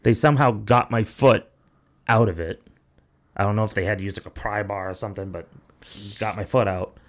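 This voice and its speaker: Young guy on a podcast, kinda deep and gravelly, rambling and cursing a lot. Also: fairly even intonation, brisk. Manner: rambling, profane, acts out quoted voices. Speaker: podcast host. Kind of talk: casual storytelling.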